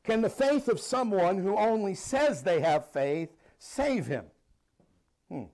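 A middle-aged male pastor preaching a sermon, animated and laughing now and then as he reads and explains scripture. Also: sits high, takes it slowly.

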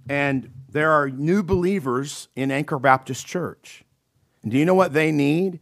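A man preaching a sermon in a conversational way, checking in with "okay?" and acting out the voices in the scripture he reads. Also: a little high. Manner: acts out panicked and calm voices in quotes. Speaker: pastor.

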